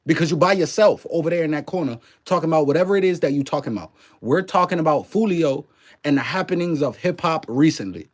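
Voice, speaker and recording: Talking fast with lively intonation, a man on the high side of pitch gives loose live-stream commentary, swearing and greeting viewers by name. His accent combines New Orleans and Canadian.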